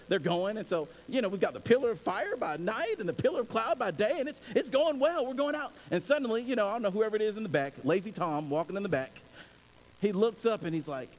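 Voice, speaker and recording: A man preaches a sermon in a casual, storytelling way, acting out little scenes. His voice sits high and swings widely in pitch. The hall adds a long reverb and a faint hiss. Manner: animated and conversational, acts out scenes. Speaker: pastor.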